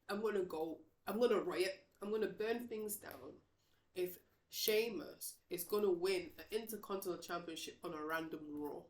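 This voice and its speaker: A woman vlogger giving casual, opinionated wrestling predictions, rambling with many restarts and fillers. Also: mid-range voice.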